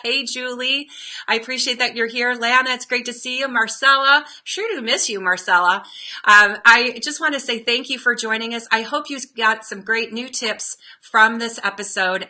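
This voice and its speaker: A woman hosting a live-streamed front desk training talk, upbeat and chatty. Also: fairly high pitch. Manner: upbeat and chatty, with lively role-play asides.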